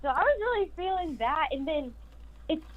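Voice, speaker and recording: A voice actress guest talking excitedly and upbeat in a casual chat. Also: female voice, sits high, moderate pace, phone-quality sound.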